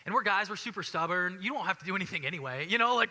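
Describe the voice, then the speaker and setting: A man in his thirties delivers a sermon to his church, speaking in a casual, earnest way and circling back over his own phrases. His voice sits high for a man, with a very bright, forward tone. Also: expressive, rapid-fire, hardly any pauses. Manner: conversational, earnest, repeats himself and restarts often. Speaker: pastor. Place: church sanctuary.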